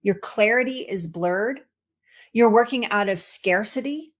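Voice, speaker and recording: A woman who works as a cancer coach gives an expressive motivational talk, repeating words for emphasis and laughing at herself. Her voice is medium-pitched and her pace measured.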